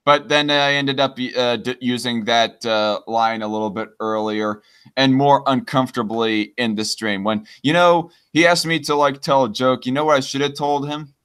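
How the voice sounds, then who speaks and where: A man's voice: medium pitch, fairly even intonation, normal speed, a bit bright, clear, resonant tone. A man hosting a casual live stream, stammering and trading crude jokes with a guest. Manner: stammering, crude joking banter.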